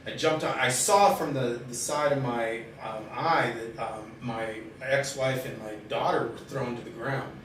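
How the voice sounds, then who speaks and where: Captured from afar in a very echoey space with a steady hum of noise behind him, a middle-aged man speaks in a mid-range voice. He shares his life story conversationally, haltingly and openly, full of pauses and fillers.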